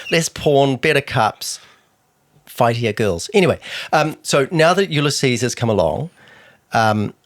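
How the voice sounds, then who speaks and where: A middle-aged man tells a story on a podcast, his pitch rising and falling animatedly. He slips in dry, wry asides between the facts. The sound is close and dry, with no room behind him. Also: expressive, slow, pauses often, no echo. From New Zealand. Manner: wry, reads quotes aloud with dry asides. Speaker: podcast co-host.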